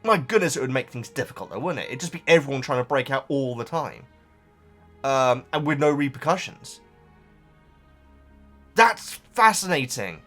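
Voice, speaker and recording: Guy reading fan comments off the cuff, goes off on tangents, pitch jumps all over. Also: sing-song, moderate pace, long pauses, a bit bright, soft background music. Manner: rambling, trails off into tangents, thinks aloud. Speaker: YouTuber reading viewer comments. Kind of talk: casual chat.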